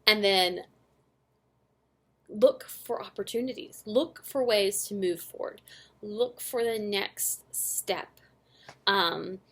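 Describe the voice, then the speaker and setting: An earnest young woman gives a casual motivational recap to her team, speaking at a middle pitch. She talks in an animated way, laughs at herself and fills her pauses with ums and likes. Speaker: direct sales team leader.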